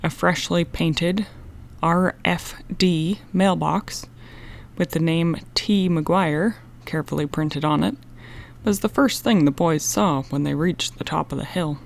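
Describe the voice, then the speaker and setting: A woman narrating a children's mystery audiobook in a steady, expressive reading. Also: low voice, slow, gravelly.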